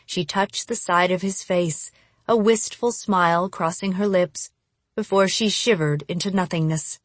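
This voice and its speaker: A woman reading a first-person audiobook in a measured, expressive narration. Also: fairly low pitch, dry recording.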